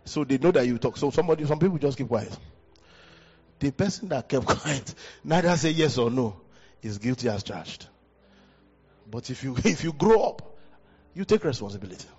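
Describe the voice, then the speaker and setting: A pastor with a West African accent preaching a sermon into a handheld mic, leaping up in pitch for emphasis. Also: male voice, moderate pace, pauses often, slightly rough. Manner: animated preaching, jumps high in pitch for emphasis. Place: church hall. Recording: dull hall recording with long reverb.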